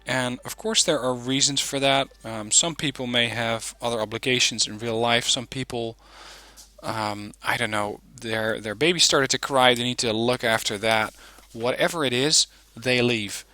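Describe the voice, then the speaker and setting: A gaming channel host offers relaxed, chatty commentary over a game replay, saying "um" often. He has a medium-pitched voice, talks at a normal speed, and there's no room sound.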